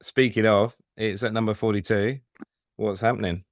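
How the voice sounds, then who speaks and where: A man's voice: on the low side, steady tone, dry recording, clean studio sound. A man co-hosting a casual film podcast, easygoing and agreeable. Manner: easygoing, agreeable, quick to say yeah. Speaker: podcast co-host.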